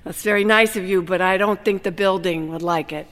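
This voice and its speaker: A woman's voice: medium pitch, steady tone, a little fast, a bit bright, voice pushed down, close to an everyday voice. A woman voicing a friendly, apologetic middle-aged male building foreman in a story read aloud. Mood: polite. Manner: polite and apologetic. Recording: long hall reverb.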